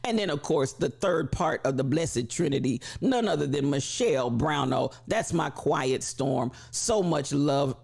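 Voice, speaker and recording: A man hosting a live stream with a gravelly voice from allergies, greeting viewers in an animated, repetitive, preacher-like cadence. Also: on the high side, measured pace, few pauses. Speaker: livestream host.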